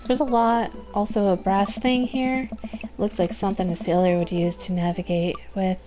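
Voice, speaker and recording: A woman's voice: mid-range voice, little pitch movement, moderate pace, dark tone, a little hiss or hum. A young woman reading a visual novel aloud, with chatty asides and giggles, over game music. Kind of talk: narrating a game playthrough.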